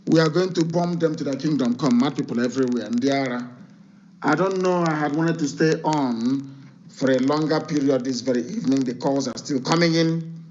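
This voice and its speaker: A man's voice: medium pitch, normal speed, darkish tone. A man giving an impassioned live radio address, commanding and repeating his orders for emphasis, his voice still not fully recovered from illness. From Nigeria. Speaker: broadcaster addressing supporters. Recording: dull lo-fi broadcast audio.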